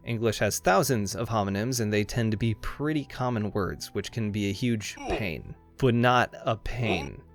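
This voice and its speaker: A man's voice: fairly low pitch, animated, normal speed, creaky, few pauses. A man giving scripted comedic narration for a video essay, irreverent and sarcastic, swearing freely. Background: faint background music.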